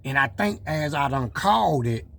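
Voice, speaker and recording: A man's voice: on the high side, animated, normal speed, gravelly, fairly bright tone, dry recording. A man talking casually to his viewers about his truck build, boastful and preachy in manner.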